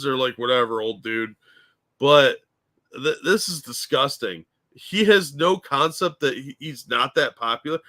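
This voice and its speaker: A man's voice: a little high, pushed and bright, dry recording. A man co-hosting a casual political chat, blunt and mocking in tone. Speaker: co-host.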